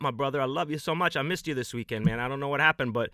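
A man hosting a podcast, giving loose, rambling, enthusiastic shout-outs to supporters in casual talk. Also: mid-range voice, rapid-fire, hardly any pauses, no room sound, studio quality. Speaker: podcast host.

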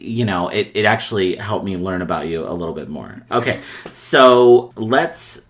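A man's voice: deep voice, animated, moderate pace, a bit bright. Man, podcast host, casual chat, profane, jokey, rambling.

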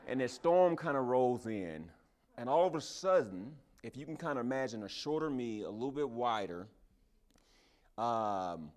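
A preacher telling a personal story in a sermon, with lots of fillers and false starts. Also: male voice, medium pitch, moderate pace. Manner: animated, hesitant storytelling with many fillers.

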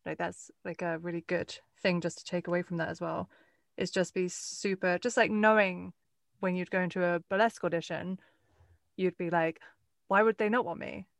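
A woman's voice: lowish voice, steady tone, normal speed, creaky, no echo, studio quality. A woman interviewer who encourages her guest and sums up what the guest has said. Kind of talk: casual interview chat.

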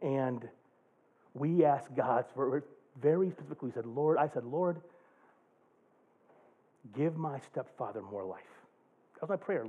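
A male pastor preaching a sermon, moving from a quiet, subdued personal story to loud, passionate preaching. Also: medium pitch, animated, a little slow, long pauses, breathy edge. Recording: tinny phone-like sound.

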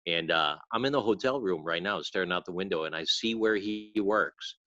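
A man's voice: deep voice, moderate pace, pushed and bright, no room sound, highs cut off. A man co-hosting a podcast from a hotel room, talking in a laid-back, rambling way with restarts. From North Carolina. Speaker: podcast co-host. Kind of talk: casual chat.

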